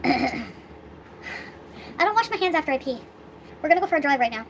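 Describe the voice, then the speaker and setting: Young woman ranting on her vlog, high voice, upset and sweary, bit of noise behind. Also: lively intonation, gravelly, a bit bright. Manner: swearing, upset, fast rants with sighs. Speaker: vlogger. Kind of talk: angry venting vlog.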